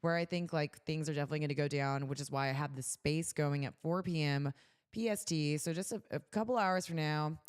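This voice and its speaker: A woman's voice: sits low, fairly quick, clear, resonant tone. A woman from California co-hosting a podcast, chatting casually and bubbly, with lots of "like" fillers. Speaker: podcast co-host. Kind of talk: casual chat.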